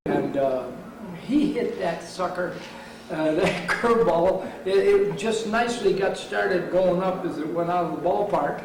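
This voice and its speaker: Older man, ex-pitcher, meandering anecdotes; distant mic, faint hiss. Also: normal speed. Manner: rambling storyteller, many fillers. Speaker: former baseball pitcher. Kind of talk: reminiscing interview. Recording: echoey, distant, faint noise.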